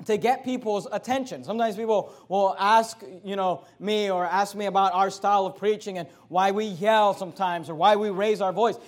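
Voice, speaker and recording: High-voiced preacher with dynamic delivery. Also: male voice. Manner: dynamic preaching, shifts between loud emphasis and quiet asides. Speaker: pastor. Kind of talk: sermon.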